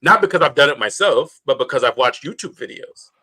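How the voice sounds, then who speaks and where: A man's voice: mid-range voice, expressive, a little fast, pushed and bright. A man co-hosting a podcast in casual chat, rambling with lots of fillers and laughing often. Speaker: podcast co-host.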